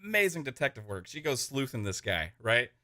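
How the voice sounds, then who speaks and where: A man's voice: mid-range voice, a little fast. A man telling a long story in a casual podcast chat, full of fillers and asides. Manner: animated storyteller, many fillers. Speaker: podcast co-host.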